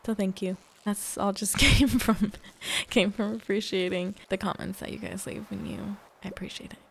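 A woman's voice: on the high side, measured pace. A young woman chatting casually over a farming game she is playing, rambling and heartfelt as she talks to her viewers. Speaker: gaming video host. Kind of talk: casual gameplay commentary.

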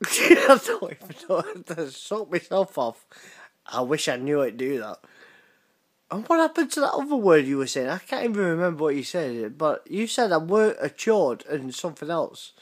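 A man's voice: on the high side, sing-song, measured pace. A British man hosting a gaming channel, reacting to voicemails in a laid-back, swearing, laughing way. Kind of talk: casual reaction commentary.

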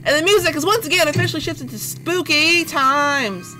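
Goofy, jumpy woman gaming over loud music. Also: sits high, normal speed, low-quality recording. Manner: goofy and playful, baby-talk words; excitable, jumpy when scared. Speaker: gaming YouTuber. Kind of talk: horror game let's play commentary. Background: loud eerie game music.

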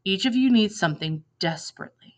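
A woman's voice: mid-range voice, expressive, fast, natural voice. Woman doing a grand ominous male announcer. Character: smooth male announcer inviting to a feast.

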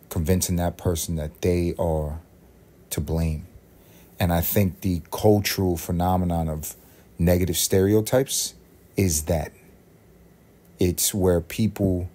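Low-voiced man musing on a podcast. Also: dark tone. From Puerto Rico. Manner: rambling, self-questioning, drawn-out phrasing. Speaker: podcast host.

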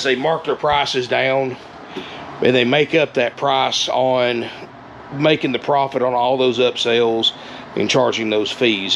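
A man giving a casual, folksy sales pitch for an RV, repeating himself and calling viewers "guys". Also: vocal fry, a bit bright, slight background noise. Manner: folksy, repetitive, keeps saying "guys".

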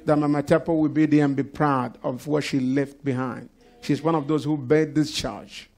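A male pastor preaches a sermon in church, often calling out to his congregation. His voice sits a little high and has a gravelly edge. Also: steady tone, normal speed, darkish tone. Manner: preaching with call-outs to the congregation. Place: church service.

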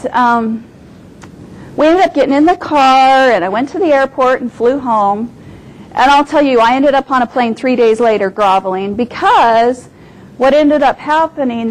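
A middle-aged woman giving a lecture as a guest speaker, telling business stories in an animated way and hammering her points home by repeating them. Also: fairly high pitch, a little hiss or hum, poor audio. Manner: emphatic, repeats points for stress; animated storytelling.

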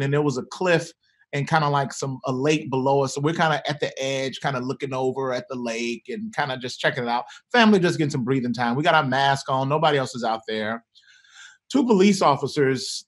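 Middle-aged guy, pastor, telling his story all earnest and animated. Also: medium pitch. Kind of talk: conversational storytelling.

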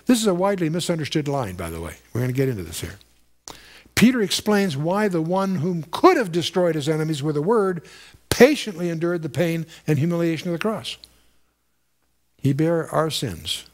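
A man's voice: a little high, lively intonation, normal speed, pauses often. A man giving a conversational, verse-by-verse Bible teaching, stressing points and repeating phrases, lifting his voice when reading scripture.

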